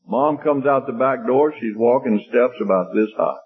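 A man's voice: mid-range voice, normal speed. A man preaching a sermon with an emphatic, repetitive cadence, telling a homespun story and then leading a prayer. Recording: husky voice over tinny phone-like line with faint music.

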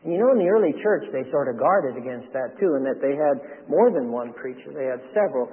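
Emphatic preacher on tinny radio. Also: male voice, medium pitch, lively intonation, fairly quick. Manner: emphatic, repeats points with rhetorical questions. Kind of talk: sermon. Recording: tinny radio broadcast with long reverb.

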